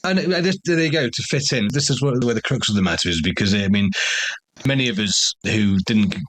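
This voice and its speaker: A man's voice: fairly low pitch, expressive, brisk, fairly bright tone, dry recording. A man from northern England hosting a podcast, talking casually and thinking aloud with lots of fillers. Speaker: podcast host.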